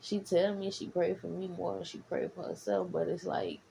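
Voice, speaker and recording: A woman talking casually to her followers, rambling and repeating herself. She swings from low murmurs to heated, profane bursts. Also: very animated, moderate pace, gravelly, dark tone, slight background noise, poor audio. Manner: frank and profane. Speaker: vlogger.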